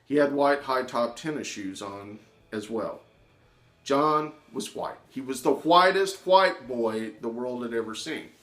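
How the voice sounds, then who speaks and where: A man telling a personal story in an animated way, acting out the voices of the people in it. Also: medium pitch. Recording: echoey room.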